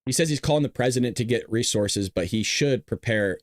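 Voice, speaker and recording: A man's voice: medium pitch, a little fast, no echo. A man hosting a podcast, talking casually and emotionally, choked up and rambling. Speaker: podcast host. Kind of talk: casual commentary.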